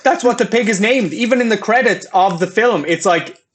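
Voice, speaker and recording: Give me an animated man reviewing films on a podcast, voice a bit high. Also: normal speed, slight background noise. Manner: animated, acts out scenes. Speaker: podcast host. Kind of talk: casual film review chat.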